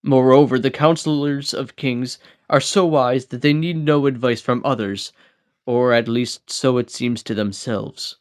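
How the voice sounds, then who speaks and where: A man reads a classic book aloud in a steady, measured way, his voice sitting at a middle pitch. The reading is plain amateur audiobook narration with a few small slips and restarts. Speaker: audiobook reader.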